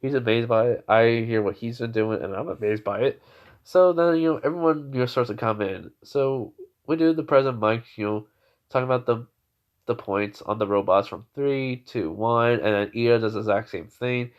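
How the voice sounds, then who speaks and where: A man's voice: medium pitch, clean tone. Rambling man telling a fan story. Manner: rambling, halting, many fillers. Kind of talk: improvised fan story narration. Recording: dull lo-fi recording.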